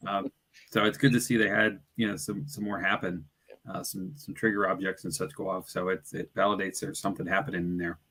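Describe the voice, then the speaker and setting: A man's voice: low voice, little pitch movement, brisk, fairly bright tone, breathy edge. A man co-hosting a paranormal talk, chatting casually about an investigation. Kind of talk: casual discussion.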